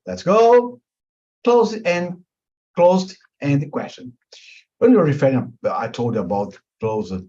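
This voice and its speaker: Guy teaching a mediation webinar, talks slow and really emphatic, voice goes up and down a lot, kinda muffled lo-fi audio. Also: medium pitch, darkish tone. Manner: emphatic, repetitive, drawn-out teaching delivery. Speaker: mediation instructor.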